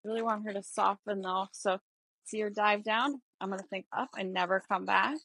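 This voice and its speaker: Woman horse trainer, gravelly voice, dry close sound, relaxed riding lesson talk, thinking aloud. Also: medium pitch, normal speed, no room sound, low-quality recording. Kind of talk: riding lesson narration while mounted. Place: outdoors on horseback.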